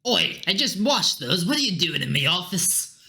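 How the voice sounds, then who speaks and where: A stingy Scottish portal merchant grumbles about money, as a man puts him on. The voice is gruff and deep, and it rises and falls in lively swings. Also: moderate pace, heavily acted. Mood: grumpy. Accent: put-on Scottish.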